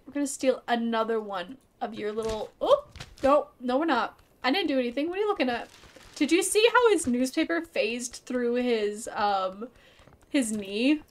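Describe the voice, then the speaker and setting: Bubbly high-voiced woman gamer. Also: fairly bright tone. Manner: bubbly, playful, chatty with viewers; casual swearing. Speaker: gaming streamer. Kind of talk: let's play commentary.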